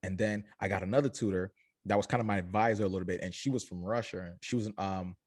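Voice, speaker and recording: A young adult man, a company founder, telling his story in an interview, animated and acting out family voices. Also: sits low, fast talker, breathy edge, no room sound.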